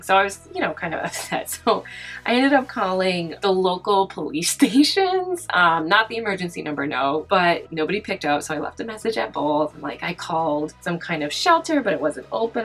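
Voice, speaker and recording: A young woman vlogger telling a story in casual chat while doing her makeup, talking fast with lots of "like" and acting out what people said. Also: lowish voice, fairly bright tone, low-quality recording. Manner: chatty, fast, heavy use of "like", acts out quoted voices. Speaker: beauty vlogger.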